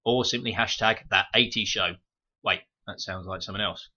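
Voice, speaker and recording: Through a muffled home mic, this UK film podcast host reads his scripted review notes at normal speed. His voice is low-leaning, steady, bright and forceful with a breathy edge, and he slips in dry, sarcastic comments.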